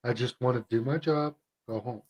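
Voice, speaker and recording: A man in casual conversation, giving relaxed, brief replies and plain opinions. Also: medium pitch, moderate pace, highs cut off. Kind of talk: casual chat.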